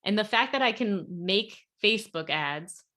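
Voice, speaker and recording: A weight loss coach on a podcast talks over a video call in a bright, forceful, expressive medium-pitched voice at normal speed. She's casual, chatty, and earnest, using many fillers, especially "like."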